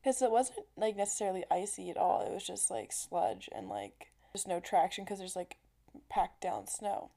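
Mellow-voiced young woman hosting a chatty podcast. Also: medium pitch, expressive, moderate pace, vocal fry. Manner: chatty and rambling, heavy use of "like", casual swearing. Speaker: podcast host. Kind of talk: casual solo podcast chat.

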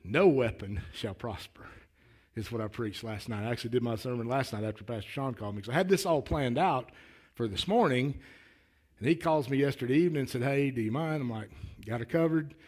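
Speaking at a medium pitch, this lay preacher gives a sermon with folksy sincerity. He tends to repeat words when starting an idea and works his way up to loud, emphatic pronouncements.

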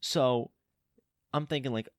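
A man's voice: mid-range voice, slow, no room sound. Young man telling a story, dry close mic. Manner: animated storytelling, laughing, swearing. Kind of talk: casual chat.

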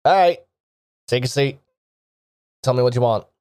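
A man's voice: mid-range voice, moderate pace, a little mellow, smooth, no room sound, clean studio sound, lightly acted. A man voicing a rotund male records keeper in his late fifties, blunt and coarse in manner. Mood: gruff.

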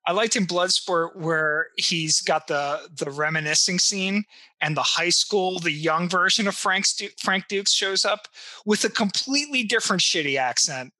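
A high, bright-voiced man tells stories in casual podcast banter, animated and freely profane, laughing as he goes. The sound is dry and close. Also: normal speed, dry recording.

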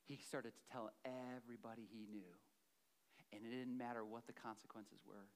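A man's voice: mid-range voice, fairly even intonation, normal speed. A man preaching a sermon, telling a story conversationally, checking in with the audience and repeating phrases for emphasis. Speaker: pastor.

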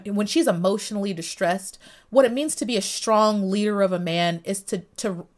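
A young adult woman hosting a podcast livestream, speaking in a chatty, emphatic monologue and acting out little scenes with sudden louder bursts. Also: medium pitch. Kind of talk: casual opinion monologue.

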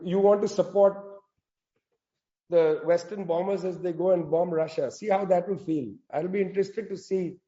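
A man's voice: high-pitched, dark tone, dull audio. A man giving an impassioned political talk, emphatic with sarcastic asides. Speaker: speaker at a public talk. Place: in South Africa.

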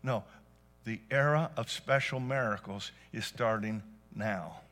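A man preaching a sermon to a church congregation, telling stories and rising to loud emphatic peaks. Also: lowish voice, unhurried, soft background music. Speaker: pastor. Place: church service.

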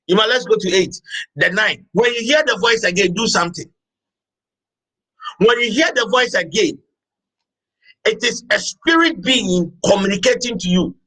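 High-voiced slow preaching man. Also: poor audio. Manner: emphatic preaching with sudden shouts and drawn-out words; repeats phrases for emphasis. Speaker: pastor. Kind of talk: sermon.

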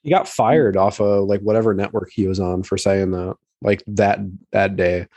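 A man's voice: fairly low pitch, steady tone, moderate pace, warm tone, no room sound. A man co-hosting a podcast, chatting casually and laughing along easily. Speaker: podcast co-host. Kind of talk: casual chat.

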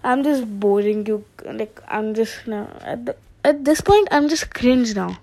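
A woman's voice: fairly high pitch, lively intonation, measured pace, vocal fry, darkish tone. A young woman from India talking alone at home at night into a phone voice memo, chatty and self-deprecating, jumping between topics. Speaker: solo podcaster. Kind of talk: rambling casual monologue.

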